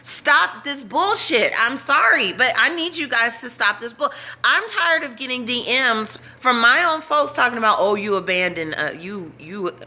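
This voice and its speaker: Woman vlogger, bright voice, higher pitch, urgent preaching to her followers. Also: lively intonation, normal speed, hardly any pauses. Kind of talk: impassioned direct-to-camera talk.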